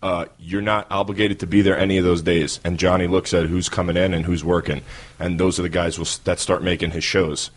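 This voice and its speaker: A man with a New York accent, a wrestler telling stories as a podcast guest in a relaxed way with many fillers. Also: deep voice, brisk. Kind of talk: casual interview talk.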